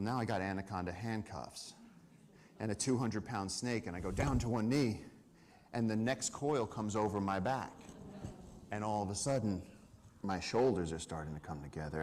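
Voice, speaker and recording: A man giving a storytelling talk about wildlife on a summit stage to a live audience, animated and acting out the people he quotes. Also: on the low side, a little hiss or hum. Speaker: conservation speaker.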